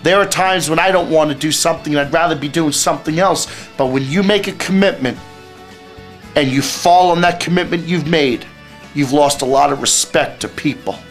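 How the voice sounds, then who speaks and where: Guy giving teens straight-talk advice, kinda high voice, blunt and preachy. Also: moderate pace, faint music behind. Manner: blunt, lecturing, outspoken. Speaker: youth speaker and life coach. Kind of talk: direct advice monologue to teens.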